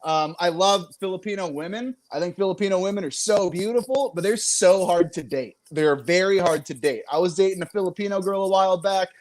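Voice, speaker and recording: A man's voice: high-pitched, fairly quick, few pauses. A young man doing a self-mocking stand-up set, chuckling between jokes. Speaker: comedian and show host.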